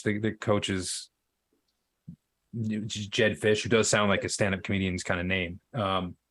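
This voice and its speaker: A man co-hosting a sports podcast, telling rambling stories full of fillers and restarts. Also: fairly low pitch. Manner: rambling storyteller with many fillers. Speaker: podcast co-host. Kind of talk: casual sports chat.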